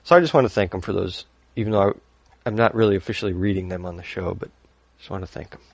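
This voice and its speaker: A man hosts a relaxed podcast, talking in a low, loose, rambling way and laughing easily. The recording is dry and close, with no room sound. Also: quick pace, vocal fry, dry recording. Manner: rambling, laughs often, reads listener email. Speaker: podcast host. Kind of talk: casual podcast chat.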